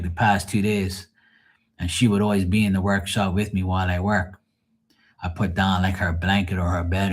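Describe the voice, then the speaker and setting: A middle-aged man talking casually and frankly to his live viewers, grieving, rambling and swearing freely. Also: sits low. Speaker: livestream host.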